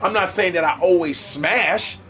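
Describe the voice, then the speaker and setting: A man, a stand-up comedian being interviewed, telling stories in an animated, profane style with street slang. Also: sits high, unhurried. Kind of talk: casual interview storytelling.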